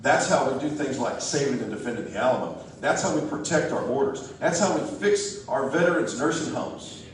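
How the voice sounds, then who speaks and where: A man's voice: mid-range voice, animated, fairly quick. Guy giving a fired-up stump speech in a big echoey church hall, mic kinda far off, faint hiss. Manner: folksy, joking, rousing. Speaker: political candidate.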